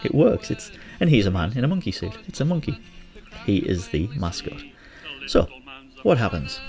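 A man from Hartlepool, England, with a local Hartlepool accent hosts his own show, chatting and joking as he tells a local legend in a casual monologue. He laughs at his own jokes, and his voice is medium-pitched and a little mellow.

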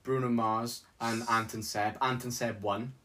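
A young man, co-hosting a casual podcast chat, teasing and quick to laugh. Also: mid-range voice, flat delivery, pushed and bright. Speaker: podcast co-host.

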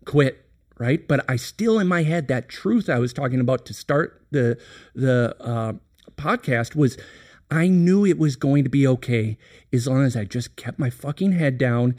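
A man's voice: medium pitch, a little slow, a little mellow. A middle-aged man talking candidly on a business podcast, telling a reflective, earnest story with many restarts. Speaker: company president, podcast guest.

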